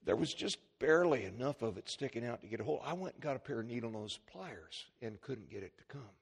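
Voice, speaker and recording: Middle-aged man, pastor, sermon delivery, lively storytelling, mid-pitched. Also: quick pace, creaky, husky. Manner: storytelling preacher, acts out voices in his anecdotes.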